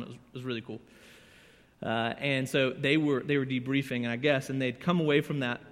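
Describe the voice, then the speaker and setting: A man, preaching a sermon as a youth pastor, earnest and emotional, swinging between loud and hushed. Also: medium pitch. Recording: church hall with long reverb.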